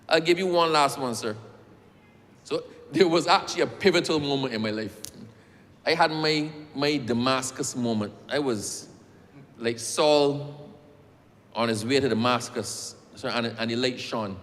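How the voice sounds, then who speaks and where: Barbadian man, lawmaker, animated storyteller, echoing chamber with long reverb, mid pitch. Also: unhurried. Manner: animated storytelling, addresses the chair as sir. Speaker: member of parliament. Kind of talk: parliamentary speech. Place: large legislative chamber. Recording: long echo of a large chamber.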